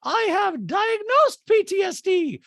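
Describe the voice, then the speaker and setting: Man mimicking a gushing dramatic socialite woman, squealing high falsetto, slow and swooping. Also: sing-song, fairly bright tone, no echo, studio quality, exaggerated voice. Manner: breathy, drawn-out, theatrical falsetto. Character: gushing, melodramatic reality-TV woman.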